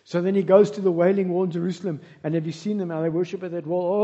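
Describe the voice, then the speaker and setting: A man preaching a sermon as pastor, telling lively stories with humorous asides. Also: high-pitched, quick pace, few pauses. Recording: reverberant hall, dull lo-fi sound.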